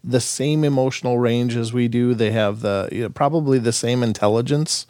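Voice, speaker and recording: A man's voice: medium pitch, moderate pace, darkish tone, no room sound, studio quality. A man hosting a podcast interview, agreeable and thinking aloud as he speaks. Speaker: podcast host. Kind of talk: interview conversation.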